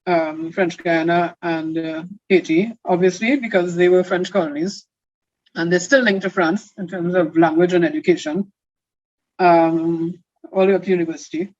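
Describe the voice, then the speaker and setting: Animated interviewee; muffled, lo-fi audio. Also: mid-range voice, moderate pace, no room sound. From Trinidad and Tobago. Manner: animated, mimics others in quoted asides. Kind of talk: interview talk.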